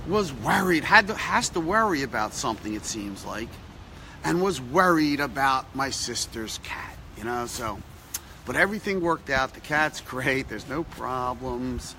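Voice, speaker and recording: A middle-aged man hosting a motivational vlog, chatty and animated, repeating phrases for emphasis, filmed outdoors on a snowy street with a phone at arm's length. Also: sits high, slight background noise. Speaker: vlog host. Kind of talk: upbeat motivational vlog talk.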